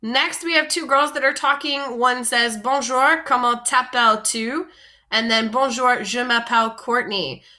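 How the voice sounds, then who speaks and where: A woman's voice: fairly high pitch, fairly even intonation, measured pace, pushed and bright. A woman teaching French vocabulary in a patient, explanatory lesson, often recapping and repeating terms.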